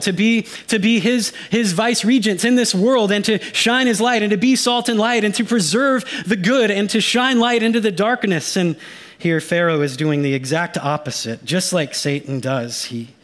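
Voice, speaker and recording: A pastor preaches a sermon emphatically and with animation, slipping casual slang asides into his teaching. His voice is high-pitched, and he drops to a hushed, grave tone for dark passages.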